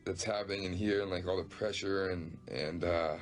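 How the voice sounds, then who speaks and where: Guy on a reality show, kinda low voice, earnest and halting, music going behind him. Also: steady tone. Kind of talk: casual emotional chat.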